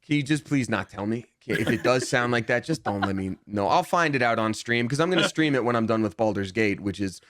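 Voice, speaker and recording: A young adult man, a voice actor and guest, chatting casually in an interview and telling stories animatedly, swinging his pitch up when he jumps into quotes. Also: expressive, brisk, hardly any pauses, fairly bright tone, no echo, studio quality.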